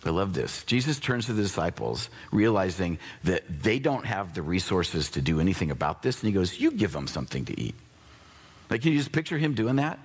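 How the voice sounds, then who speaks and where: A man preaching a sermon as pastor, talking casually and conversationally, jumping between excited high bursts and low earnest asides. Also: fairly quick, hardly any pauses, breathy edge.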